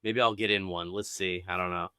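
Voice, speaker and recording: A man's voice: deep voice, fairly even intonation, a little fast, bright, forceful tone, smooth, no room sound, studio quality. A man co-hosting a podcast, telling a rambling anecdote full of likes and I-don't-knows. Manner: rambling storyteller, lots of like and I don't know. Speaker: podcast co-host. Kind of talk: casual chat.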